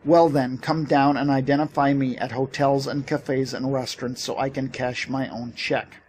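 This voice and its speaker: A man's voice: medium pitch, little pitch movement, normal speed, darkish tone, a little hiss or hum, lightly acted. A man reading as a one-armed war veteran, stubborn and insistent, pleading and pushing in a plain mid-range voice. It comes from a storybook reading.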